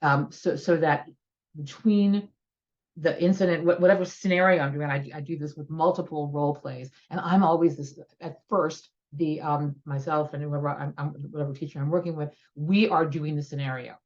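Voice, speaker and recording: Woman, educational consultant, deep voice, eager explainer, video call, muffled lo-fi audio. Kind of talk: presenting on a video-call panel.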